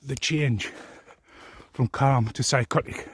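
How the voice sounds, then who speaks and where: A man's voice: medium pitch, slow, slightly rough, no room sound. A man ranting angrily to the camera in a rambling, profane, aggrieved way. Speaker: vlogger. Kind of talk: angry personal rant.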